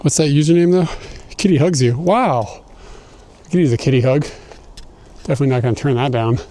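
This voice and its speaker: A young man livestreams from a snowy park as he walks, a bit out of breath, swearing, laughing, and ranting casually to his chat. His voice is on the high side and warm-toned, and he talks fairly quickly. He's carrying his phone as the mic, and faint outdoor ambience adds slight background noise.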